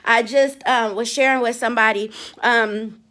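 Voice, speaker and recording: Woman, high voice, bright tone, chatty, emotional, casual straight-to-camera talk. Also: normal speed. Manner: emotional, expressive, swings into loud laughing and crying retellings; chatty, lots of "you know". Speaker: trucking company owner and trainer.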